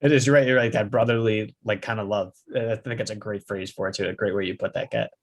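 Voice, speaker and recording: A young man hosting a podcast interview, chatty and relaxed, laughing often. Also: on the low side, quick pace. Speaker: podcast host. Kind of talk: casual interview chat.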